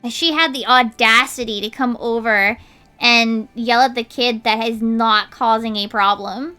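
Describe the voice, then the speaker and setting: Bright, high-voiced woman streamer chatting. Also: a little slow, smooth, faint music behind. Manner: animated storytelling, indignant retelling, casual filler words. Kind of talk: casual chat while drawing on stream.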